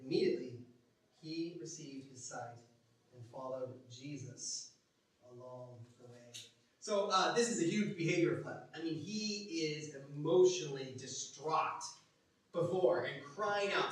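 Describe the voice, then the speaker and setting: A man preaching a sermon as pastor, telling stories animatedly, acting out quotes and dropping from loud to hushed. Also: on the high side, measured pace. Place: church. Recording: echoey church hall from far off.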